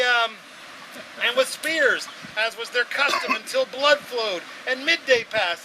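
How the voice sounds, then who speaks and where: A man preaching an outdoor sermon, telling the story in an animated, sarcastic way and acting out voices. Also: high-pitched, poor audio. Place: outdoors at a campsite. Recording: windy outdoor noise.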